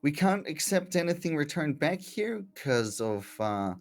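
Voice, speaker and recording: A man's voice: on the high side, big pitch swings, unhurried, voice pushed up. A man voicing a young human woman barista who politely but firmly refuses returns. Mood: polite refusal. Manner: apologetic, sticks to shop policy.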